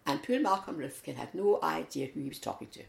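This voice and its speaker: A Scottish woman chats through her stories in a low, gravelly voice, acting out the lines of the people in them. The sound carries a roomy echo. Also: a little fast. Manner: lively storyteller, acts out quotes. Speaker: interviewee, community volunteer. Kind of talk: chatty anecdotal interview. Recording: echoey room.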